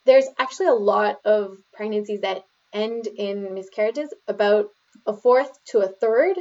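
A woman, chatting on a podcast and telling her stories in a lively way that acts out what others said. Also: mid-range voice, measured pace. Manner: animated storyteller, acts out quotes. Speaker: podcast guest. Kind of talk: casual conversation. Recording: dull lo-fi podcast audio.

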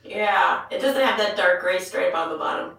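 A woman co-hosting a casual chat and chiming in with quick agreements and small details. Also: fairly low pitch, creaky, a bit bright. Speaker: podcast co-host. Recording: echoey room.

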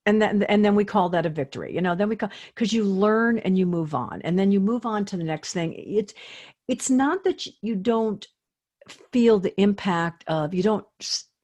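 An older woman, a fitness expert, speaking as a guest in an interview in a lively, earnest, motivational way. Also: medium pitch, moderate pace. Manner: lively, acts out quoted inner voices. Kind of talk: conversational interview.

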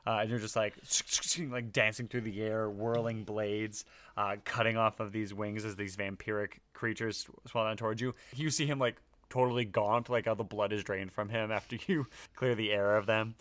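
A man's voice: fairly low pitch, flat delivery, normal speed, fairly bright tone, dry recording. A man narrating as game master of a tabletop game in a casual, laughing way, with lots of fillers.

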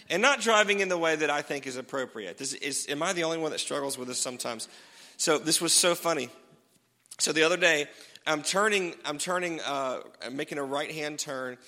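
Male pastor, bright and slightly high voice, chatty sermon delivery, reverberant hall. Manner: conversational, self-deprecating, laughs often.

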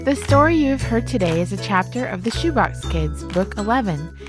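Woman, announcer, reads credits, middle pitch, cheerful children's music underneath. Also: sing-song, brisk. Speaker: podcast announcer. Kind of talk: scripted closing credits.

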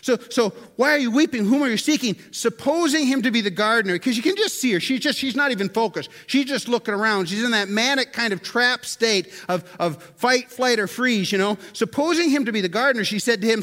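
A man's voice: very high-pitched, brisk, hardly any pauses, a bit bright. A man preaching a sermon in a conversational way, often asking the listeners questions and repeating words as he goes. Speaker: pastor.

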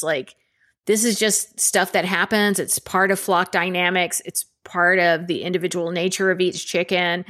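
A woman's voice: fairly low pitch, a bit bright. A woman hosting her own podcast, talking casually and chattily, often laughing and checking in with "okay?". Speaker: podcast host. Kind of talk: casual solo podcast talk.

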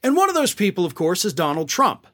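A man's voice: high-pitched, huge pitch swings, quick pace, sharp tone. A man hosting a political commentary show, talking in a sarcastic, exasperated way. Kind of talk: opinionated commentary monologue.

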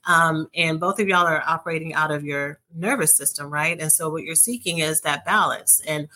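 A woman speaking as a guest expert, explaining relationship patterns in a measured, patient, reassuring way. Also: low-pitched, bright, forceful tone. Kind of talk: calm explanatory advice in conversation.

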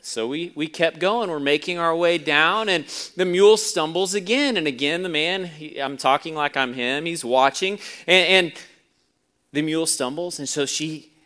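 Man, pastor, sermon, slightly high voice, hushed then loud delivery, storytelling. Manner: storytelling preacher, swings from quiet to loud.

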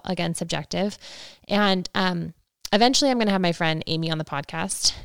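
Chatty woman podcaster with a gravelly edge. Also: on the low side, a bit bright, no echo, clean studio sound. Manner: chatty, opinionated, rambling with many fillers. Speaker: podcast host. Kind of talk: solo recap podcast, casual chat.

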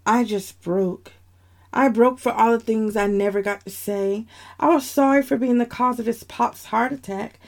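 A woman's voice: on the high side, moderate pace, creaky. A woman narrating a dramatic story in the first person, with heartfelt emotion.

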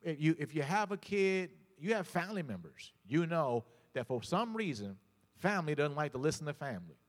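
A male pastor with a fairly high voice preaches a sermon. He tells stories, doubles back on his words and calls out to the congregation. His voice carries a long hall reverb. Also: sing-song, fairly quick.

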